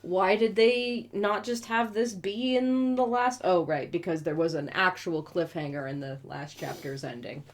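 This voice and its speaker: A woman's voice: on the low side, unhurried, few pauses. Snarky woman reading a novel aloud. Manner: snarky, profane asides between read passages. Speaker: book reviewer reading aloud.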